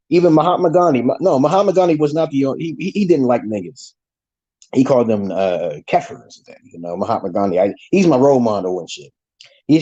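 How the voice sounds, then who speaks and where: A man rants at his viewers in a rambling monologue, swearing freely and stumbling over restarts. His voice is mellow and slightly husky. His pitch swings widely from low mutters to sudden high bursts. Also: highs cut off. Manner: ranting, heavy swearing, many restarts. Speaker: channel host.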